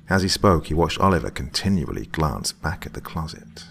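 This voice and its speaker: A man narrating a scary story in a slow, brooding way. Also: extremely low pitch, big pitch swings, gravelly, a bit bright. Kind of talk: scripted narration.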